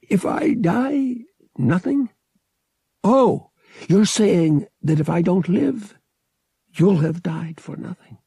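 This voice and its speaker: A man voicing a stubborn, earnest young human man, pitching his voice high and strained. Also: lively intonation, takes it slowly, gravelly, pauses often, dark tone, husky, no echo, studio quality, heavily acted. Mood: pleading.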